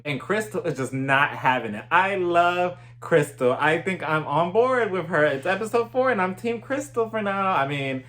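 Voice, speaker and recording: A man's voice: high voice, lively intonation, normal speed, few pauses, a bit bright, a little hiss or hum. A young man giving a sassy, gossipy recap of a reality TV episode in a casual, playful way. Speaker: reality TV reviewer.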